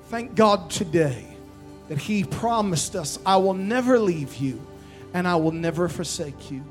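A man preaching a sermon as pastor, calling for responses from the congregation and slowing down to stress key lines. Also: sits high, expressive, faint music behind. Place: church sanctuary.

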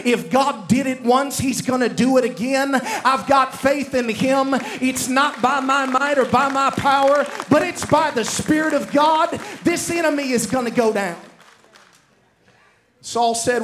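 A man's voice: very high-pitched, a little slow, a bit bright. A man preaching a sermon, retelling a Bible story with acted-out dialogue and calls to the congregation.

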